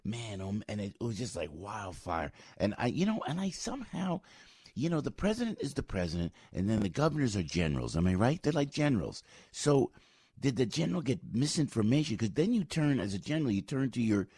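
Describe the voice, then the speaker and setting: An older man, hosting morning talk radio in a rambling, excitable way, with sudden squeaky jumps in pitch. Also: brisk, breathy edge, no echo, clean studio sound. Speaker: radio morning show host. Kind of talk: animated talk radio monologue. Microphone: studio microphone.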